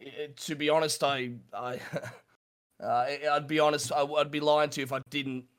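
A middle-aged Australian man telling his story in an interview, halting and repeating himself, with nervous laughs. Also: fairly high pitch, flat delivery, a bit bright, clean tone. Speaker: streamer guest.

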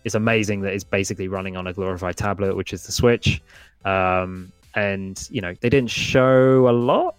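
A man with a lowish voice talks casually about games, looping through fillers and restarts. Now and then he jumps into animated impressions. The sound is dry and close, with faint music underneath. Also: moderate pace, clean tone, dry recording. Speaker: podcast guest, gaming expert. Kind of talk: casual podcast chat.

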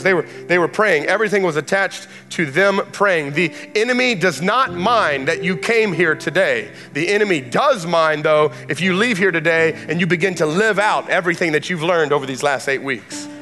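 A man preaching a sermon in a church, impassioned and repetitive, building up to shouts. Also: high-pitched, expressive, brisk, hardly any pauses. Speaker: pastor. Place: church sanctuary. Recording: long hall reverb, faint music.

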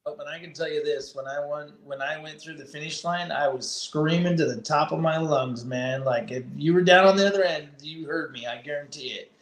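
A man's voice: a little high, normal speed, few pauses. A man guest on a talk show, telling stories in a laid-back way and swearing freely. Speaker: racer guest. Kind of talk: casual podcast chat. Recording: echoey room.

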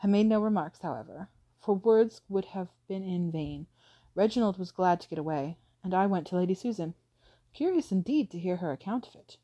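Mellow-voiced woman reading a classic novel. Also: lowish voice, lively intonation, a little fast, dry recording. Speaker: narrator.

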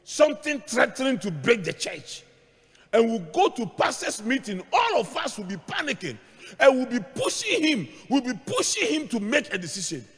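A middle-aged male pastor preaching a sermon, moving between hushed asides and shouted points as he tells stories. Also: very high voice, sing-song, normal speed, husky. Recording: long hall reverb.

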